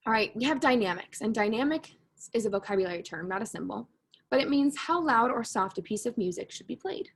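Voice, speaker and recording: A woman's voice: a little high, lively intonation, fairly quick, slightly rough. Woman, music teacher, video lesson, patient, repeats herself, jokes at her own slips. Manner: patient, repeats key points, self-correcting with humor. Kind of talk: recorded online music lesson.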